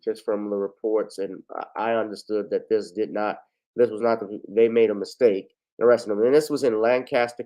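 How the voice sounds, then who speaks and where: A man with a fairly low voice hosts his own video, working through a news story in loose, profane, casual commentary that often trails off into quiet.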